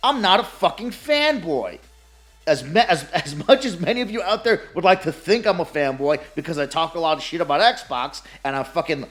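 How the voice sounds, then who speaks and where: Gaming rant voice, lively swooping pitch, profane, sarcastic, laughing, faint music behind. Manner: mocks opponents with put-on quoted voices. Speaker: gaming commentator. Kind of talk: ranting gaming commentary.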